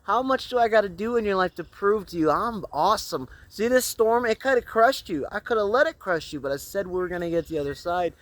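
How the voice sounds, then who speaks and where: A man's voice: a little high, steady tone, rapid-fire, hardly any pauses, a little mellow, dry recording, close to an everyday voice. A man voicing a confident divine figure rebuking his followers for little faith. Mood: emphatic rebuke. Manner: emphatic, rebuking.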